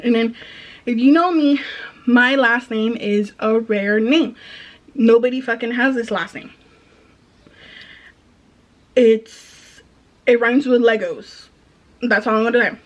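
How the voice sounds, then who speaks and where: A woman's voice: on the high side, slow, long pauses. A young adult woman telling a frustrated, casual storytime about a retail job, swearing freely. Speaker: vlogger, retail manager.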